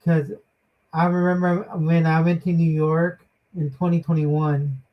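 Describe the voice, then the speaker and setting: A woman hosting a casual chat, speaking haltingly and searching for her words. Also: deep voice, flat delivery. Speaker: host. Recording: dull lo-fi sound.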